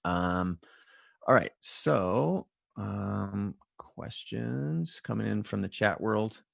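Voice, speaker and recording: Low gravelly guy doing a chill live q&a, super dry sound, encouraging vibe. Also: animated, very slow, fairly bright tone, dry recording. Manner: encouraging, loose and conversational. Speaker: host of a live video Q&A. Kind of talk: casual live-stream talk and Q&A. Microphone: live-stream setup with video call.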